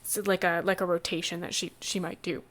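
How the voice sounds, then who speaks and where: Woman narrating a tabletop game. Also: lowish voice. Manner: relaxed, halting narration with many restarts. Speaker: game master.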